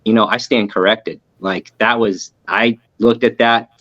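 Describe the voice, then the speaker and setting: A man, a business co-founder, giving measured, reflective advice in a casual interview. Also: fairly low pitch, fairly even intonation, a bit bright, no echo, dull audio.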